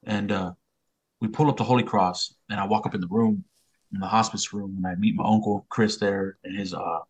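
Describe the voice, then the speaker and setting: Man guest, lowish voice, casual storytelling, heavy cursing and slang, rambling. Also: fairly even intonation, a little fast, husky, lo-fi sound. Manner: profane street slang, loose rambling delivery. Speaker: podcast guest.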